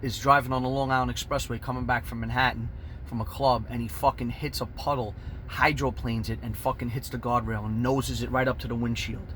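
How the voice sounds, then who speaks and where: A man telling a profane fight story, animated and swearing constantly, shouting out the punches. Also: medium pitch, brisk, a little hiss or hum.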